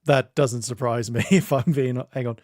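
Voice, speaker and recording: A man's voice: medium pitch, steady tone, moderate pace, a little mellow, no echo, studio quality. A man streaming and chatting casually, reading chat aloud and laughing often.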